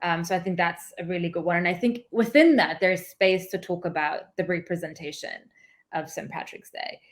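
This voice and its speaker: A woman guest who is an academic, speaking thoughtfully in a podcast interview and pausing on frequent "um"s. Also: fairly low pitch. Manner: thoughtful, measured, many "um"s. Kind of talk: conversational interview.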